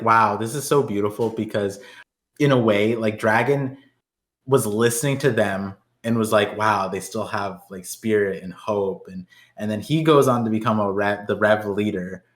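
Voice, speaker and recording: A man's voice: mid-range voice, fairly bright tone. A man co-hosting a podcast, in casual chat full of crude jokes, laughing often. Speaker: podcast co-host. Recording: roomy echo.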